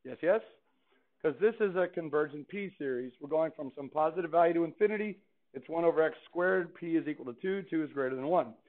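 A man's voice: a little high, a little fast. Playful male calculus teacher, tinny sound. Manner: chatty, playful, asks the class questions. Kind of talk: classroom lecture. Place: classroom. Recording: tinny phone-like classroom recording.

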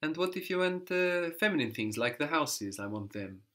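A man's voice: a little high, expressive, normal speed, bright, forceful tone. A man teaching a language lesson, patiently prompting a student and repeating her answers.

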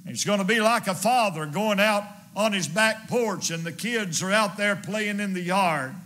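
High, bright-voiced fervent evangelist. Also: male voice, moderate pace, a little hiss or hum. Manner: fervent preaching, pounding repetition. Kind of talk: sermon.

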